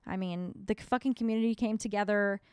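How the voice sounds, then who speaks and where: A woman's voice: medium pitch, steady tone, brisk, a little mellow, smooth, dry recording, studio quality. A young woman from North Dakota co-hosting a podcast, talking candidly and rambling, swearing freely in casual chat. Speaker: podcast co-host.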